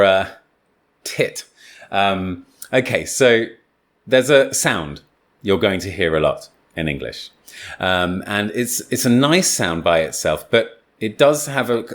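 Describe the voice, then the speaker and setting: A man teaching English pronunciation in a relaxed, chatty way, with many fillers and restarts. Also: fairly low pitch. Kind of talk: casual spoken lesson.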